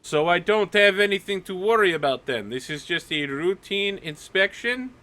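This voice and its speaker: A man voicing a defiant woman innkeeper who talks loudly with mock innocence in a tabletop game. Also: sits high, animated, moderate pace, voice pushed up. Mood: mock-innocent.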